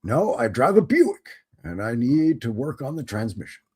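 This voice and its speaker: A man's voice: mid-range voice, sing-song, moderate pace, dark tone, slightly rough. A man putting on a shaky British accent to voice a bewigged old-time craftsman fussing over his car's transmission. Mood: fussy. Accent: British, put on. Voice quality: put-on British accent, admittedly poor.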